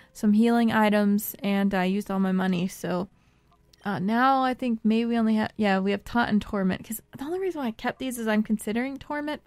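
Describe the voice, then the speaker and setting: A woman's voice: on the high side, clear, resonant tone, no echo. A young woman hosting a let's play, giving casual, bubbly game commentary and often laughing.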